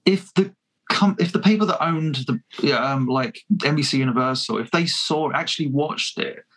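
Chatty man with a husky voice. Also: a little high, moderate pace, fairly bright tone, poor audio. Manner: chatty, self-deprecating, laughs often, many restarts. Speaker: fan filmmaker guest. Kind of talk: casual interview storytelling.

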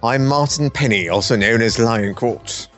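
A man's voice: mid-range voice, moderate pace, a bit bright, faint music behind. A man co-hosting a podcast, making wry jokes in casual chat. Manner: wry, joking. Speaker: podcast co-host. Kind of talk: casual banter.

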